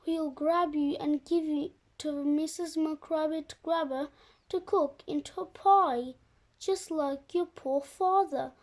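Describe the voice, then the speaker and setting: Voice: high-pitched, steady tone, slow, darkish tone. A young reader voicing a mother rabbit giving her bunnies a stern warning.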